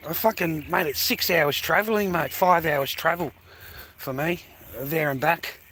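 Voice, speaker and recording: Tired aussie guy rambling on a phone live, swears a lot, bit of a higher voice, street noise behind. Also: unhurried. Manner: swearing, rambling, calls listeners mate. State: coughing, tired. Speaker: live streamer. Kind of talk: rambling casual livestream chat.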